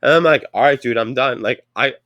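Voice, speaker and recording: A man swapping stories in a loose, profane chat. His voice is bright and forward. It is recorded dry, close to the mic, with no room sound. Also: medium pitch, fast talker, dry recording. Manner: profane, animated storytelling. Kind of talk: casual chat.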